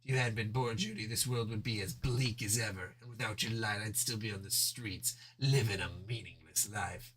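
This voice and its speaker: A man voicing a hurt, bitter male fox in a comic read-aloud, speaking low and subdued. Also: moderate pace, few pauses, a bit bright, a little hiss or hum, close to an everyday voice. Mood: earnest.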